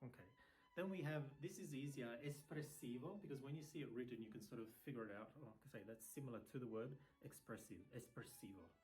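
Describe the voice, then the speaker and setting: A man's voice: medium pitch, darkish tone. A man teaching violin terms, repeating each word and spelling it out letter by letter. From Italy. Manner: repeats words slowly, spells them out letter by letter. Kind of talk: casual spoken lesson.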